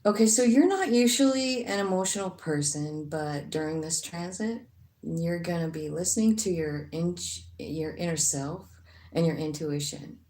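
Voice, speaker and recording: A woman's voice: on the low side, normal speed, warm tone. A woman giving a casual, rambling tarot reading, chatty, with frequent fillers and some swearing. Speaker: tarot reader. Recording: echoey room with faint noise.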